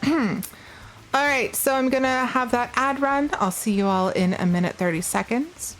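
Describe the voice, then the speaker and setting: A woman's voice: on the high side, normal speed, faint music behind. A woman streamer giving casual game commentary, chatty and openly emotional, with fillers. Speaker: livestreamer.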